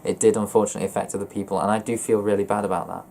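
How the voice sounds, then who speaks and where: A young man vlogging about his feelings in a flat, monotone voice, hesitant and often stopping to correct himself. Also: on the low side, vocal fry, slight background noise. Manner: hesitant, halting and self-correcting. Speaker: gaming YouTuber. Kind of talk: personal confessional vlog.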